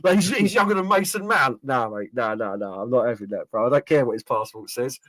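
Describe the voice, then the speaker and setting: Lad, slangy football banter, lively bright voice, dry close mic. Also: male voice, medium pitch, fairly quick, no echo. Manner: animated, slangy, jokey. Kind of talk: casual football chat.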